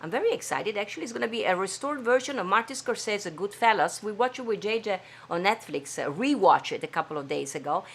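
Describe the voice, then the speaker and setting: A woman's voice: mid-range voice, animated, fast, few pauses, breathy edge. A woman from Venice with an Italian accent, hosting her own live stream in an enthusiastic, chatty way with frequent fillers. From Venice, Italy. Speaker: host of a live stream show. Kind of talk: casual live-stream chat. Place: home studio.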